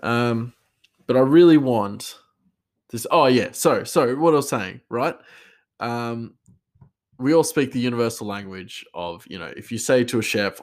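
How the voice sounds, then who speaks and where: A man's voice: medium pitch, lively intonation, measured pace. A man, a chef, talking casually on a podcast, rambling and hesitant with plenty of laughs.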